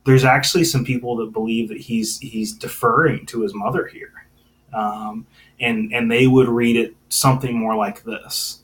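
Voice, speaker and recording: A man's voice: medium pitch, fairly even intonation, normal speed, rough recording. Casual man thinking aloud through Bible teaching. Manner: casual, thinking aloud, many fillers and restarts.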